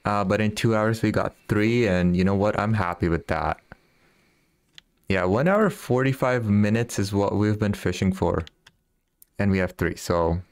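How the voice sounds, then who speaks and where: A man's voice: fairly low pitch, unhurried, no room sound. A man chatting casually with viewers while streaming a fishing game, often laughing and reading their messages aloud. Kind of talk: casual live-stream chat.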